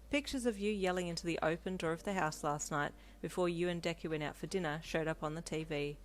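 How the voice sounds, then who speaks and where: A woman reading a second-person romance story aloud with calm, even pacing. Her voice sits on the lower side for a woman. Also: fast, hardly any pauses. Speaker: narrator.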